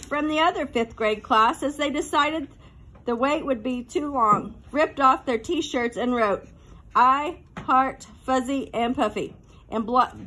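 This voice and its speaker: A woman reading a children's novel aloud as narrator, with clear, lively storytelling. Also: a little high.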